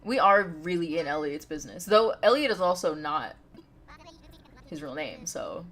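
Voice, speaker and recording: A woman's voice: sits low, very animated, normal speed, a bit bright, a little hiss or hum. A woman live-streaming a game from home, chatting and giggling as she talks straight to her chat. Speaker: livestreamer.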